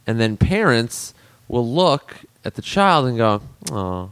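A speaker in casual conversation, wry and asking drawn-out questions. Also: mid-range voice, animated, clean tone, dry recording. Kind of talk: casual chat.

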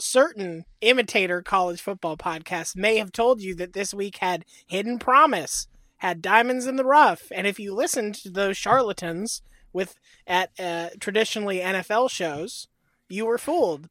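A woman's voice: mid-range voice, moderate pace, fairly bright tone, no echo. A woman co-hosting a sports podcast with a wry, sarcastic manner in casual banter. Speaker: podcast co-host.

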